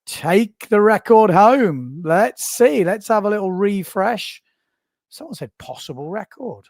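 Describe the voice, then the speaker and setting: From a small booth, a man hosts a live stream, chatting casually while reading out viewer comments. His slightly high voice is expressive and slow, sounding dry from the close mic with no room echo, and he laughs easily and makes fun of himself.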